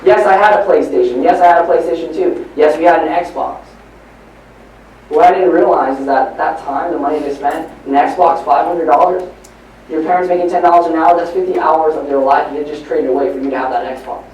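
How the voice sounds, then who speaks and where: A man giving a live motivational talk, telling stories in an animated, preachy way at a training event in a large hall. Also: fairly high pitch, fairly quick, slight background noise. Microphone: far from the recording mic. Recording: echoey hall from far off.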